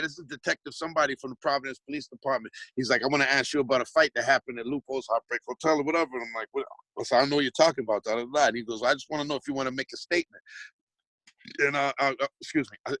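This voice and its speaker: Brief: rambling, profane male storyteller, bright edgy tone, dry close mic. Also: medium pitch, dry recording, low-quality recording. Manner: profane, rambling, restarts a lot. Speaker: hip-hop artist guest. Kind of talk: casual storytelling.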